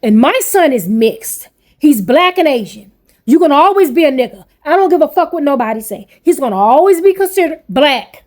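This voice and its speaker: Woman, 40s, high-pitched, furious parent venting to camera; blunt, profane, repetitive. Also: lively intonation, moderate pace, a little mellow. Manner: blunt, heavy swearing, repeats herself. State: angry. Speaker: parent vlogger.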